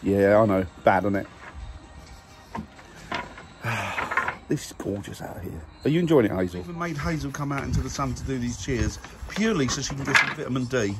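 A man's voice: mid-range voice, lively intonation, normal speed, pauses often, over loud music. A man vlogging casually in his garden, jokey and self-mocking about his family. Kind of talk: casual family vlog chat. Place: garden outdoors.

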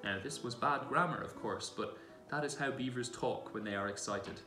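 A man gently reading a children's novel aloud in a church, recorded from a distance. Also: medium pitch, normal speed, soft background music. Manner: gentle storytelling. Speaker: reader. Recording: echoey church room, distant mic.

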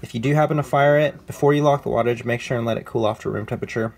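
A man casually walking viewers through a device's menu settings in a relaxed, conversational way, correcting himself as he goes. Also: mid-range voice, rapid-fire, vocal fry. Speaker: product reviewer. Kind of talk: casual how-to demonstration.

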